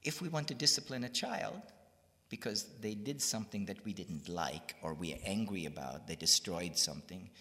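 A man from California giving a spiritual talk, telling stories in a lively, animated way. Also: low-pitched, moderate pace. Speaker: spiritual teacher. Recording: long hall reverb.

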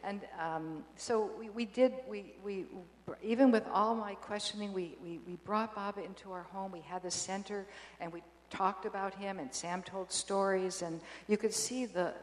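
A woman telling devout family stories in a casual, halting way, full of restarts. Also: mid-range voice, fairly even intonation. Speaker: guest sharing family memories. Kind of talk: casual storytelling. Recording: roomy hall with long reverb.

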